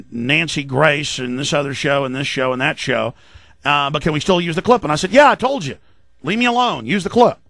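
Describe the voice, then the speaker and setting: A male radio talk show host, delivering an emphatic, defensive, rapid-fire monologue. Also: a little high, pushed and bright, dry recording, clean studio sound. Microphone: studio mic.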